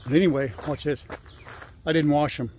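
At a moderate pace, an older man speaks in a fairly high, steady, slightly mellow voice while casually vlogging outdoors on his farm. He rambles and coaxes his animals with fondness, over a little hiss or hum and faint crickets and insects.

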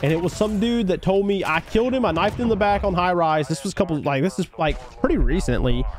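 A young game streamer with a Southern US country twang talks fast in a high voice. His live gameplay commentary is laid-back and slangy, and he reads chat aloud and answers his viewers.

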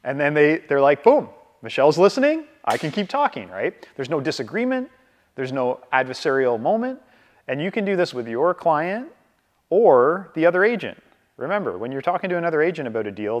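A Canadian man leads a casual real estate training over a video call. He speaks at an everyday mid pitch, drops "right?" after nearly every point, and drags his pace down deliberately when he stresses staying calm. His voice carries a long, ringing hall reverb. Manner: conversational, keeps checking in with "right?"; slows down deliberately to model calm. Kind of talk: live training talk.

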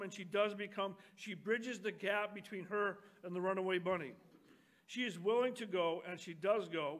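An older male pastor preaches in church with a notably high voice. He speaks gently, in an unhurried storytelling manner, as if reading a picture book aloud to the congregation. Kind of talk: sermon.

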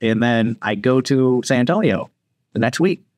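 A man's voice: medium pitch, moderate pace, no echo. A man on a podcast telling a story casually, acting out the voices of the people in it. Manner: animated, acts out quoted voices. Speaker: podcast guest.

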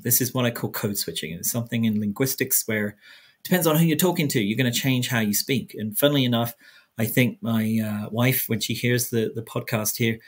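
Male guest historian, South London accent softened by years in America; hoarse-edged, rambling, conversational. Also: medium pitch. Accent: South London English mixed with American. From South London, England. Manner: chatty, rambling, many restarts. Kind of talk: conversational interview answer.

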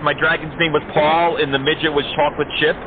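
A man's voice: on the high side, flat delivery, fast talker, noisy background. A man prank-calling phone scammers in a mocking, taunting way, swearing freely. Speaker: scam baiter. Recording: tinny phone line.

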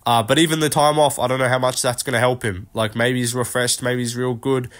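A man's voice: medium pitch, level tone, a little fast, fairly bright tone. A young man hosting an unscripted fight-prediction vlog, rambling through his picks with lots of fillers and casual swearing. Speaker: MMA predictions host.

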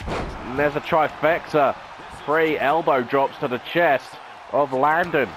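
A man's voice: fairly high pitch, takes it slowly, background noise. A man, a gaming channel host, calling a video game wrestling match play-by-play in a dramatic announcer style with rhetorical questions.

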